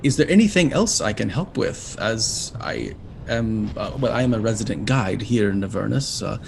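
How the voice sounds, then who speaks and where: A man's voice: mid-range voice, expressive, moderate pace, a little mellow, slight background noise, close to an everyday voice. A man voicing a small, nervous male imp professor who stammers and is overly polite. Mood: fussy helpful.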